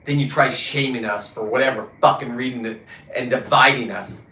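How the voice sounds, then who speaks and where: A combative man rants on his livestream, swearing freely and swinging between loud outbursts and quiet mutters. His voice sits at an ordinary middle pitch, and it carries a roomy echo around it. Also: steady tone, moderate pace. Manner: combative, swearing, shifts pitch and volume a lot. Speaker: livestream host. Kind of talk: casual profane rant.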